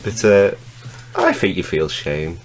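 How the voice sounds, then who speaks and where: A man's voice: low voice, wildly swooping pitch, slow. A man co-hosting a casual podcast, teasing and nitpicking playfully. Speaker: podcast co-host.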